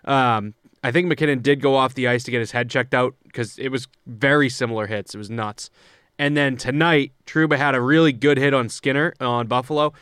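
A man's voice: medium pitch, fairly even intonation, a bit bright, clean tone, no room sound, clean studio sound. A young man co-hosting a casual sports podcast, talking loosely and swearing often. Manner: loose and profane, quick asides. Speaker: podcast co-host. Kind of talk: casual hockey chat.

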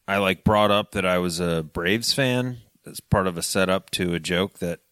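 A man with a fairly low voice talks in a relaxed podcast chat, wandering through self-deprecating anecdotes. The recording is dry and close, with no room sound. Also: normal speed, clean tone, no room sound. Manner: rambling, self-deprecating storyteller. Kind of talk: casual chat.

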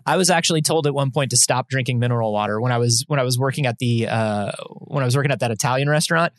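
A man's voice: medium pitch, very fast, no room sound, clean studio sound. A man co-hosting a podcast, chatting casually and self-deprecatingly as he explains science news. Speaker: podcast co-host. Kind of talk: casual chat.

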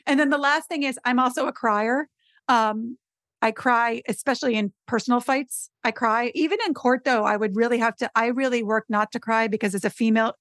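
Animated woman guest, fairly high voice. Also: no echo, clean studio sound. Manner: animated storyteller, emphatic. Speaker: podcast guest, advocacy expert. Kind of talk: casual podcast conversation.

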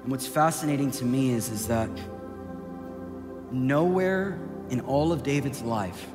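A male pastor preaching a sermon, swinging from impassioned shouting down to a hushed, intimate delivery. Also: mid-range voice, unhurried. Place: church sanctuary. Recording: long hall reverb with soft music behind.

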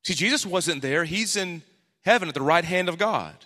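A man in his thirties preaching a sermon as pastor, animated, acting out the voices he quotes. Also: high voice, moderate pace. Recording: long hall reverb.

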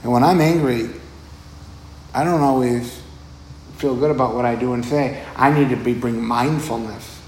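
A man gives a relaxed dharma talk as a meditation teacher. He speaks at an average pitch in a loose, conversational way, doubling back on words and breaking into chuckles. The voice rings in a roomy space with faint noise underneath. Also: moderate pace, long pauses.

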